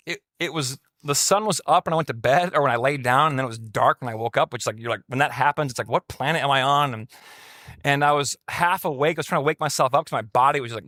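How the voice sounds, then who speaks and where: A male pastor tells a personal story from the pulpit, casual and conversational, lifting his voice high when he quotes others. His voice sits a bit high for a man, and the recording is dry and close. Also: no room sound. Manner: conversational, animated quoting of others in raised voice. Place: church setting.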